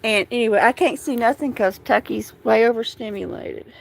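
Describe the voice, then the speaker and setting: A woman's voice: a little high, moderate pace, vocal fry. A woman hosting a livestream from home into a phone, upset and tearful, rambling and breaking between shaky laughs and crying. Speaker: livestream host. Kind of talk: live-streamed chat to followers.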